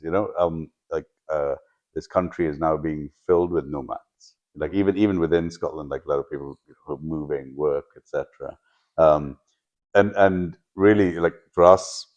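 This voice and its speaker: A man's voice: a bass voice, a little mellow. A man hosting a podcast, asking rambling questions and searching for his words. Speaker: podcast host. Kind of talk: casual podcast conversation.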